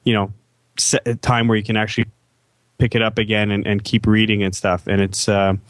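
A man's voice: fairly low pitch, level tone, a little fast, dry recording. A man co-hosting a casual podcast chat, rambling and often repeating words as he talks. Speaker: podcast co-host.

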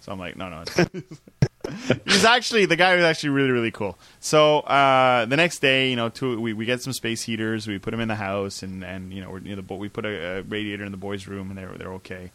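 A man's voice: on the low side, fairly quick, pushed and bright, dry recording. A man in his thirties from Canada, telling a story in a casual chat, acting out quoted voices and laughing often. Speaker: podcast co-host.

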